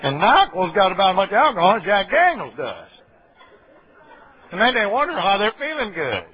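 A man's voice: high voice, big pitch swings, moderate pace, slightly rough. A man preaching a folksy sermon, full of rambling asides and checks with his listeners. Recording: dull lo-fi recording.

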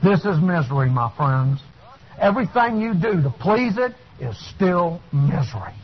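A male preacher delivering a fiery sermon, shouting his points and then dropping to low asides, in a dull lo-fi recording. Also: big pitch swings, moderate pace, husky.

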